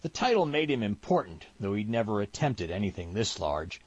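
A man reading a story aloud in a measured, expressive storybook narration, heard on a dull, lo-fi recording. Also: on the low side, no echo.

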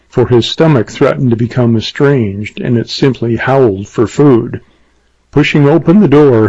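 A man narrating a western novel in a measured storytelling manner. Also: mid-range voice, warm tone. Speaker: audiobook narrator. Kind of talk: scripted narration. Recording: dull lo-fi dry recording.

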